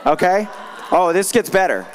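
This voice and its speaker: Fired-up high-voiced male preacher. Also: sing-song, normal speed, some chatter behind. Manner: fired up, exclaiming and storytelling. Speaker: guest preacher. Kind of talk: sermon to a live congregation.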